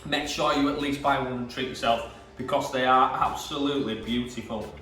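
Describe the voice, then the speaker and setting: A man's voice: mid-range voice, steady tone, brisk, sharp tone. A man with a Yorkshire accent, enthusiastically showing off fresh produce in a casual demonstration. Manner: enthusiastic, gushing about produce. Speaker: produce seller. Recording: echoey room, distant mic, faint music.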